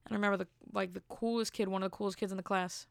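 A young woman hosts her own podcast, chatting through stories in a loose, self-amused ramble full of jokey asides. Her mid-pitched voice carries a gravelly fry, and the close mic sounds dry and intimate. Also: steady tone, racing, no room sound. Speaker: podcast host. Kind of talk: casual solo podcast storytelling.

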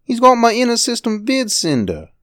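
A woman doing a shrill, tearful young boy. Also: wildly swooping pitch, moderate pace, no echo, studio quality. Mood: shrill, upset. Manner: shrill, shouting.

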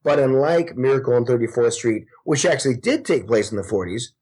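A man in his forties talks as a podcast guest, with a slightly husky, breathy voice at a middle pitch. He tells stories with animated energy and drops profanity freely. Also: a little fast. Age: 40s. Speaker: guest actor. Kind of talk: casual podcast chat.

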